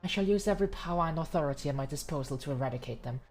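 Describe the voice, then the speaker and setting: A woman's voice: low voice, animated, rapid-fire, a little mellow, faint music behind. A woman voicing a dutiful, motherly harvest goddess from a game, speaking in a formal, devoted way.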